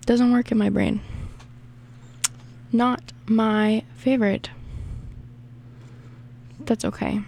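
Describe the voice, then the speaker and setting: A woman's voice: on the high side, fairly even intonation, drawn-out words, vocal fry, long pauses, darkish tone, slight background noise. A young woman from the American South with a Southern accent, chatting casually and rambling between songs as a radio DJ. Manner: rambling, chatty, self-deprecating.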